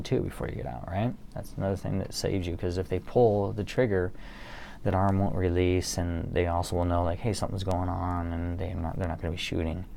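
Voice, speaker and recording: A man's voice: low-pitched, creaky, warm tone, slight background noise. A man casually telling a rambling, profane story to an absent audience, laughing along at it, then reading poems aloud. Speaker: solo streamer or vlogger reading poems.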